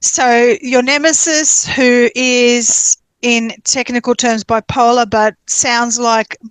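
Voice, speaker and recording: A woman's voice: on the high side, flat delivery, slow pace, clear, resonant tone, no echo, low-quality recording. A woman co-hosting a podcast, breaking in to recap the story carefully for listeners. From Australia. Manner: interjects to clarify, recaps carefully. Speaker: podcast co-host. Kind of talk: casual chat.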